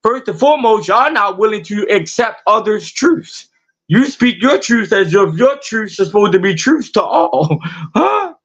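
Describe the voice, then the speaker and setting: High-voiced man ranting in heated slang. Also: lively intonation, moderate pace, a bit bright, lo-fi sound. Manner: profane, confrontational, repeating rhetorical questions. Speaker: podcast host.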